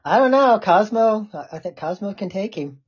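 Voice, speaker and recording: A woman's voice: medium pitch, animated, normal speed, slightly rough, highs cut off. A woman hosting a casual chat podcast, laid-back and laughing often. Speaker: podcast host.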